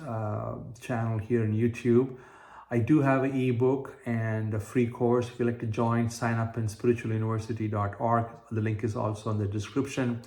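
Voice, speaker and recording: A man giving an earnest, repetitive motivational self-help talk, explaining his ideas through everyday examples with frequent fillers and restarts. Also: medium pitch. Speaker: manifestation coach. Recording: roomy echo.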